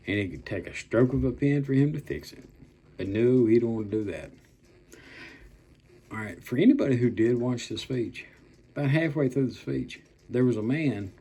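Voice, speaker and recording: An older man rants in anger, blunt and full of profanity, drawing out the words he wants to hit hard. His voice is husky and a little rough, with a dark, mellow tone and no sparkle to it. It has the feel of a heated monologue to camera. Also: medium pitch. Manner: blunt, profane and threatening, with drawn-out emphatic words. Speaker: political commentator. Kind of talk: angry political rant.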